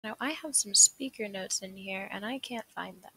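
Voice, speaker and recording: A young adult woman with a Southern American accent hosts a livestream seminar, rambling and chatty with frequent laughter. She speaks at a moderate pace in a medium-pitched, pushed, bright voice, recorded on a desk mic in low quality with slight hiss or hum.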